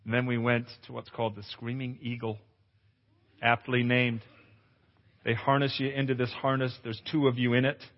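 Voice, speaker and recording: A male pastor giving a testimonial sermon at a conference, an animated storyteller who acts out dialogue and exclaims loudly. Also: mid-range voice, moderate pace. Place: conference hall. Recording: echoey hall, dull lo-fi sound.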